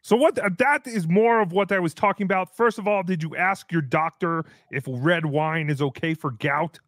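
A man speaking as a guest on a casual podcast chat, calm and polite. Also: fairly high pitch, normal speed, no echo, studio quality.

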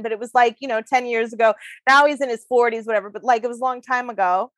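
Woman, podcast co-host, casual storytelling, fairly high voice, dry close sound. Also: quick pace, few pauses, no echo. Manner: chatty storytelling, swears freely, laughs often. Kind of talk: casual chat.

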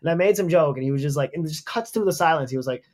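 Loud, higher-pitched man telling stories. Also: racing. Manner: loud, animated storytelling with many fillers. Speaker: stand-up comedian guest. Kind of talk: casual podcast chat.

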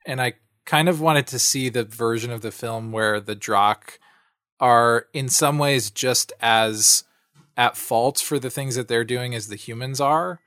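A man co-hosting a podcast who talks through a film critique in a thoughtful, analytical way, with pauses and fillers. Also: medium pitch, a bit bright, no echo, studio quality. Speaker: podcast co-host. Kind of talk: casual film discussion.

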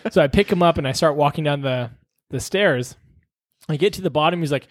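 Young male co-host: high, dry, lively teller of wild stories. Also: brisk, no echo. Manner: animated, acts out quoted voices, swears freely. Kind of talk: casual chat, storytelling.

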